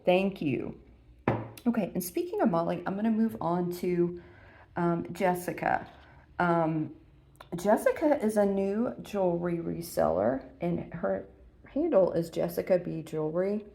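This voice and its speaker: A woman's voice: on the low side, a little slow, creaky. A middle-aged woman, chatting casually through an unboxing, gushing and full of ums, close to tears at times. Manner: warm and gushing, many ums, emotional near tears. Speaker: vintage reseller vlogger.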